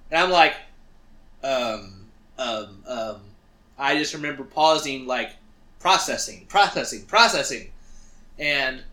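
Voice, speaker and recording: On a podcast he co-hosts, a man casually tells a story, animatedly acting out quotes of what he himself said. His voice is a little high, and the recording has a roomy sound.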